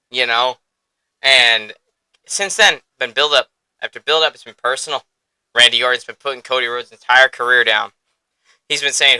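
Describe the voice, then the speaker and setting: A man talks through a casual podcast with excitable energy, cursing freely and laughing as he goes. His voice is very bright, smooth and clear. The sound is dry and close, with no room echo. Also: medium pitch, moderate pace. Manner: excitable, profane, laughs often. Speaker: podcast host.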